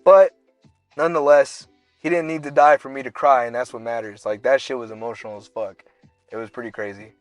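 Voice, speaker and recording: A man's voice: mid-range voice, brisk, dry recording, soft background music. Young male podcast co-host, chatty storyteller, dry close sound. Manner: animated storytelling, slangy, acts out characters in bursts. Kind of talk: casual chat.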